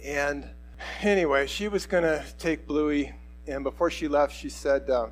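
A middle-aged pastor delivers a sermon at a measured pace, recounting a personal story in an animated, conversational style. His pitch is fairly high, and the audio is poor.

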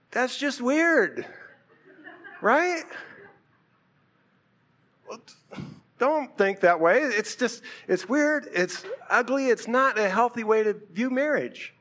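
A man's voice: very high voice, animated, takes it slowly, pauses often, fairly bright tone. A man preaching a sermon in a casual, conversational way, asking rhetorical questions. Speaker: pastor.

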